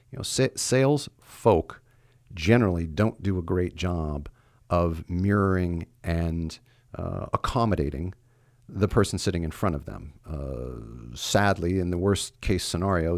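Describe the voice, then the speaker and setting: Guy hosting a podcast, real low voice w/ lots of fry, dry close sound, asks long rambling questions. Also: no echo. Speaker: podcast host. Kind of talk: interview questions.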